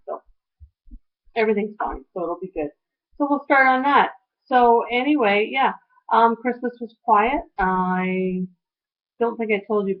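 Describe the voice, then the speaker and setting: Rambling middle-aged woman on tinny audio. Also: mid-range voice. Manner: rambling, heartfelt, trailing off with fillers. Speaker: weight-loss surgery vlogger. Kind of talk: casual personal update. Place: at home.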